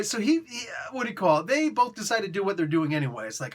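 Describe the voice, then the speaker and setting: A man's voice: sits high, fast, hardly any pauses. Laughing, slangy male comic reviewer. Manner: slangy, laughing often, animated retelling. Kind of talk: casual comic book review.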